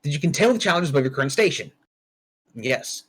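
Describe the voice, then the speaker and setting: A man running a tabletop roleplaying session as its game master, speaking in a slightly higher register than most men. He talks casually and bluntly, with frequent swearing, as he works through the rules and hands out experience points. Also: sing-song, fast, a bit bright, husky, rough recording.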